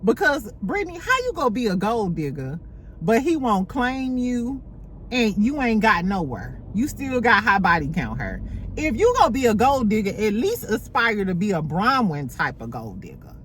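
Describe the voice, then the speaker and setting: A woman hosting a casual reality TV recap at home, animated and profane. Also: medium pitch, normal speed, slight background noise. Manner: animated, mimics cast members, profane. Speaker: podcast host recapping reality TV.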